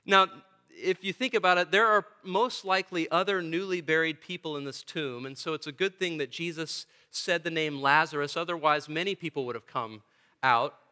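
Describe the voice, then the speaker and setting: A man's voice: a little high, moderate pace, bright, forceful tone. A male pastor preaching a sermon in a church, earnest and emphatic, with touches of dry humor. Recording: long church reverb.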